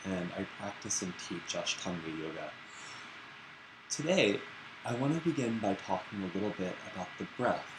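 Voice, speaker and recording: A man teaching a live-streamed yoga class in a relaxed, chatty and playful way. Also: sits low. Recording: roomy echo with background noise.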